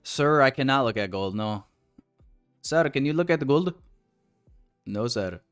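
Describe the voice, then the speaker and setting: A man's voice: lowish voice, a bit bright, clean tone, no room sound, studio quality, faint music behind, close to an everyday voice. A man putting on a stubborn mock-accented trader. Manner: slow, clipped broken English.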